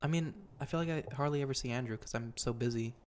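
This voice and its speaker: A young man hosts a podcast, chatting casually and rambling with lots of fillers. He talks fast in a mid-range, slightly mellow voice.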